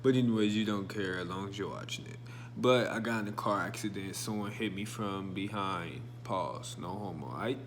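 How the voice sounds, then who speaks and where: A young man vlogging in a casual, slangy, laid-back way, telling stories with animated bursts. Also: fairly low pitch, normal speed, slight background noise. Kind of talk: casual vlog chat.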